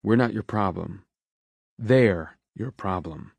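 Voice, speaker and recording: A man voicing a tough teenage boy in an audiobook, speaking in a low, clipped, threatening way. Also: slow, vocal fry, darkish tone, breathy edge, no echo, exaggerated voice. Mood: menacing.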